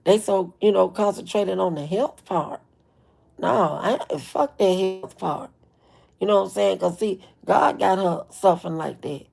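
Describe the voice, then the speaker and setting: Blunt gravelly-voiced woman live streaming. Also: mid-range voice, normal speed, a little mellow. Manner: blunt, emphatic, repeats herself; greets chat viewers by name. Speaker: livestream host. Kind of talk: casual live-stream commentary.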